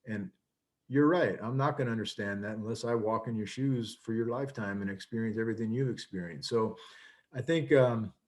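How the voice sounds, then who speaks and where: A man's voice: fairly low pitch, brisk, darkish tone. A man in his fifties, a coach giving a casual lecture over a video call, talking earnestly with many fillers and restarts.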